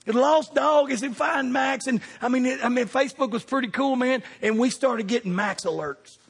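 Man, pastor, storytelling sermon, high voice, jokey and animated, long church reverb. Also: moderate pace, creaky, husky. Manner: animated, jokey, jumps from hushed asides to loud calls. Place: church sanctuary with congregation.

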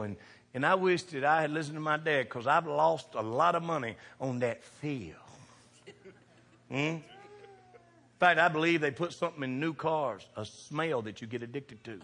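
A preacher, a man, works his congregation in a folksy sermon, dropping to quiet asides and then rising to shouts. His voice sits high and bright with a husky grain. The sound carries the long reverb of a church sanctuary. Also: moderate pace. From American farm country. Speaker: pastor. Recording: reverberant hall.

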